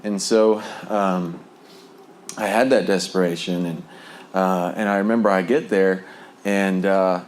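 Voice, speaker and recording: A man's voice: low-pitched, fairly even intonation, a little slow, a little hiss or hum. A man from New Jersey telling his recovery testimony in a rambling way, with many fillers and frequent chuckles. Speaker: speaker sharing a recovery testimony. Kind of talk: personal testimony storytelling.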